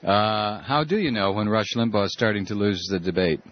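A man's voice: on the low side, animated, a little fast, a little hiss or hum. A male radio talk show host taking calls, talking with passion and rant, often restarting his sentences. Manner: impassioned, ranting, many restarts. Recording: muffled lo-fi broadcast audio.

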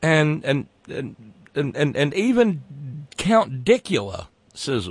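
A man's voice: on the high side, sing-song, slow pace, slightly rough. A man hosting a satirical political rant. He is sarcastic and exasperated and stammers as he talks. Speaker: host.

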